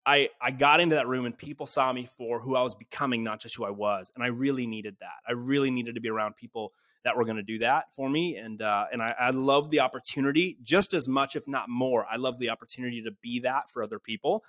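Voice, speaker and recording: A man in his twenties, from a small town in Canada, talking as a podcast guest. He tells his story in a lively, casual way and acts out the dialogue he quotes. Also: medium pitch, fast talker, hardly any pauses, dry recording. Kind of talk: animated storytelling in conversation.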